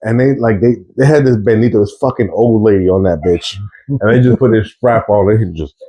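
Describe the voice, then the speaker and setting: A man's voice: on the low side, a little fast, warm tone. A young man co-hosting a podcast, telling rambling, filler-heavy stories in casual chat. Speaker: podcast co-host.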